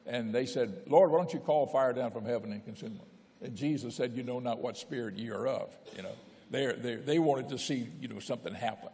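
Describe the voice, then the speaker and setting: A man's voice: medium pitch, a little fast, vocal fry, mellow. A man, a bishop, teaching a Sunday school lesson as a folksy Bible storyteller who rises into emphatic pleading at times. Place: church hall. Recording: long church reverb.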